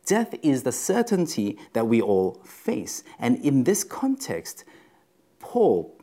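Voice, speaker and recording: A male preacher delivering a sermon in a relaxed, conversational way. His pitch rises and falls with plenty of animation. He leans on fillers and keeps checking in with the congregation. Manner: conversational, with frequent fillers and "right?" check-ins.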